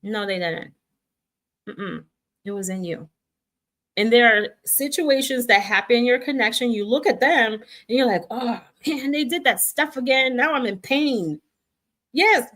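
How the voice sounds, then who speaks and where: A middle-aged woman hosting a casual spiritual guidance talk, speaking reassuringly to her viewers and acting out the voices in their heads. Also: a little high. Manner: warm, reassuring, acts out viewers' inner voices.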